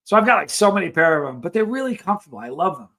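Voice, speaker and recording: A man's voice: high-pitched, sing-song, rapid-fire, a bit bright. A man hosting a live stream, chatting casually with viewers, reading their messages and telling rambling stories. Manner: rambling storyteller, reads chat aloud.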